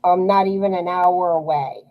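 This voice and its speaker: A woman's voice: lowish voice, fairly even intonation, muffled recording. A woman with a South Louisiana Cajun accent, hosting a knitting live stream in a chatty way, laughing often. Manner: chatty, laughs often, drawn-out filler words. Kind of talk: casual live-stream chat.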